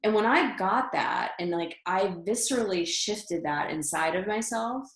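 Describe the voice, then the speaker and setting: Here a middle-aged interview guest recounts something from her own life with lots of animation, frequent laughter, and false starts. She speaks in a mid-range voice without hurrying, against a roomy echo.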